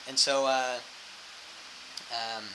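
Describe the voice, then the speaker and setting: A man's voice: mid-range voice, very slow, background noise. A young man, a missionary, casually telling a story full of fillers and acting out quotes. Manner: animated, fillers like "like" throughout, acts out quotes.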